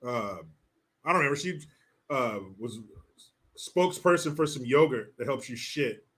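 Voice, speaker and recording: Speaking at normal speed with an expressive, medium-pitched, fairly bright voice, a man hosts a live-stream commentary show. Reading viewer messages aloud, he mocks people with heavy swearing and bursts of laughter, keeping the commentary casual and profane.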